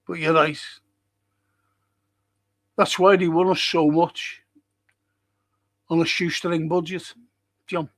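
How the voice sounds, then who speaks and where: A man's voice: a little high, level tone, takes it slowly, pauses often, fairly bright tone. A man hosting a casual live-stream fan podcast, talking bluntly, swearing freely and reading out viewer comments. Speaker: podcast host.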